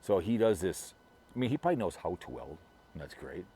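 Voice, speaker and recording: Deep-voiced rambling middle-aged man. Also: big pitch swings, brisk, warm tone, slightly rough. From Minnesota, US. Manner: rambling, repetitive, gossipy with frequent restarts. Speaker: vlogger. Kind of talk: casual rambling monologue.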